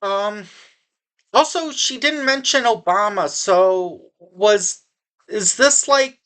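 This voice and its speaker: A woman's voice: mid-range voice, takes it slowly, a bit bright. A woman giving a casual spoken movie review, sarcastic and exasperated, rambling with frequent restarts.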